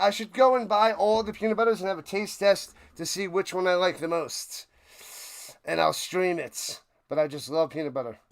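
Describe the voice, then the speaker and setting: Calling plays live during a football watch party, this New York-accented streamer jumps playfully from the game to snacks in a rambling, casual way. He has a high, creaky voice that sounds clear and resonant.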